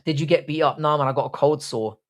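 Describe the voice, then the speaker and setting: A man's voice: on the high side, fast talker. Profane man hosting a livestream. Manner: crude, profane banter. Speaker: livestream host. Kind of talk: casual live chat reading comments.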